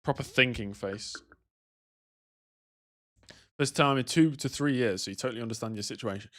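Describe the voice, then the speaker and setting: A man's voice: medium pitch, normal speed, a bit bright. A man streaming a racing game, chatting in a rambling, wry way. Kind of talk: casual live-stream chat while gaming.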